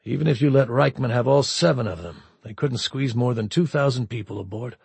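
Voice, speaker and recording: Tired old-friend captain, gentle and low-key, husky dry voice, man reading. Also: fairly quick, dry recording. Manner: gentle, subdued. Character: weary middle-aged male captain, gentle and steady.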